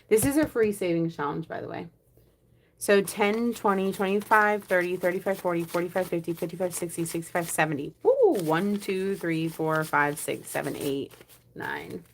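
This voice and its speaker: A young woman vlogging a savings challenge, chatting casually and counting money aloud, often dropping to a soft murmur. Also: lowish voice, vocal fry, a little hiss or hum. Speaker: budgeting vlogger.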